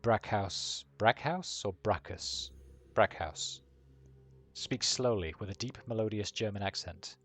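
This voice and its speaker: Low-voiced man streaming a game. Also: moderate pace, hardly any pauses, a bit bright. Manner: reads dialogue aloud, with joking asides. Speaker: streamer reading a game aloud. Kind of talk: live game stream narration and reading.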